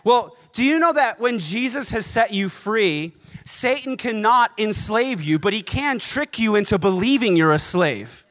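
A man's voice: high voice, lively intonation, measured pace, fairly bright tone. A man preaching a sermon as pastor, emphatic and rhythmic, stacking repeated contrasts. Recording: long hall reverb.

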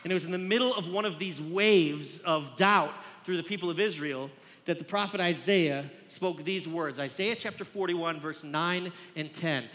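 A man's voice: fairly high pitch, moderate pace, fairly bright tone, long reverb tail. A man preaching a sermon as a pastor, earnest and conversational as he talks the congregation through scripture.

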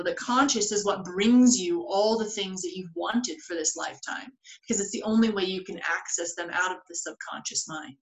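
A woman co-hosting a spiritual podcast, explaining ideas step by step in casual chat. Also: mid-range voice. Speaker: podcast co-host. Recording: roomy echoey audio.

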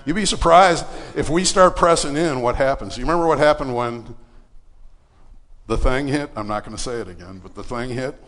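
In a large hall, a man at medium pitch and normal speed delivers a church sermon built around a personal story. He keeps it casual and conversational, using fillers and animating the quoted dialogue.

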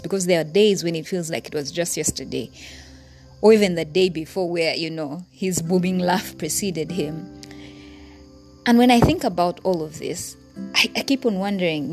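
A woman hosts a podcast in a rather low voice, talking earnestly and from the heart. She speaks straight to her listeners in a reflective personal monologue, with faint music playing under her words. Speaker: podcast host.

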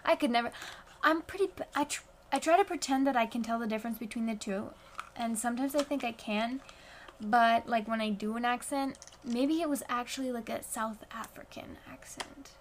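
A woman with a high voice chats casually as a podcast host. She rambles and pokes fun at herself, with lots of fillers. She records on her phone at home, with a faint hiss behind her. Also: brisk. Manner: rambling, chatty, self-deprecating, many fillers. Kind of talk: casual chat. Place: at home, sitting on the floor.

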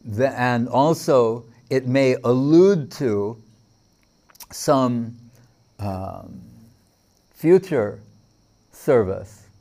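A man's voice: medium pitch, expressive, drawn-out words, pauses often, warm tone. A man giving a devotional lecture, telling stories with quoted dialogue and frequent fillers. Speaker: spiritual teacher.

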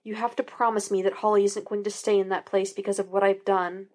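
Woman doing a quiet, wistful guilty woman. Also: medium pitch, flat delivery, brisk, natural voice. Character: troubled woman murderer, quiet and sad.

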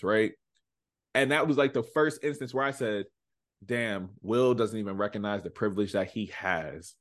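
A man's voice: on the low side, normal speed. A man co-hosting a casual podcast recap, talking reflectively with playful quoted asides. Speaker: podcast co-host.

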